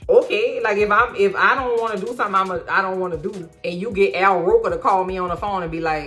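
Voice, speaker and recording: A woman's voice: mid-range voice, quick pace, few pauses, a bit bright. A woman vlogger talks through a documentary recap in a mid-range voice, full of slang, cursing and sassy asides. She keeps it loose and chatty, as if talking straight to her viewers. Faint music sits under her voice. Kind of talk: casual recap commentary.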